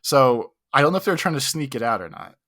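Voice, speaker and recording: A man's voice: mid-range voice, sing-song, quick pace, a bit bright. A young man co-hosting a podcast, telling a long, self-mocking story in a casual, rambling way full of "like". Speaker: podcast co-host.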